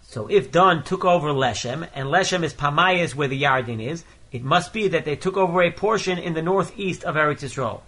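Bright-voiced man teaching Torah. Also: a little high, expressive, a little fast, hardly any pauses. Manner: reads each Hebrew phrase then explains it in English. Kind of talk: Torah lesson, reading Hebrew verses and translating line by line.

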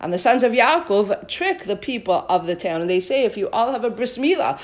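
A woman's voice: on the high side, animated, normal speed, hardly any pauses. A woman teaching a scripture lesson, reading Hebrew verses aloud, then translating and questioning them. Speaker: Torah teacher. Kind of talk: text study lesson. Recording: dull lo-fi recording.

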